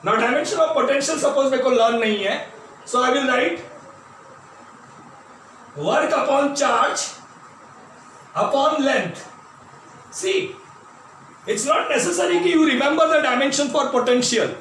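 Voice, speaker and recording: At a classroom board, a man with an Indian English accent teaches physics in a very high, fairly bright voice at a moderate pace, leaving long pauses. He calls his students "my dear" and repeats key terms. The room is very echoey, he sounds distant, and there's faint noise.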